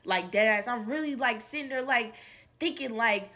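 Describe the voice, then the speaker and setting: A woman's voice: on the high side, normal speed. A young adult woman telling a storytime vlog in a casual, slangy, profane way, acting out what people said. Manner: animated, profane, slangy, acts out quotes. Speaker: storytime vlogger.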